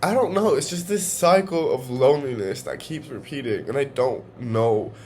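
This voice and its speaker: A young man vlogging from home, talking in a halting, emotional way and swearing often. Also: medium pitch, darkish tone, slight background noise. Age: young adult. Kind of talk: confessional personal vlog.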